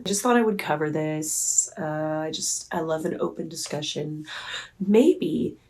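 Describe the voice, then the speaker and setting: A woman's voice: lowish voice, mellow. A young adult woman vlogger chatting in a rambling, playful, self-mocking way. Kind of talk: casual commentary chat.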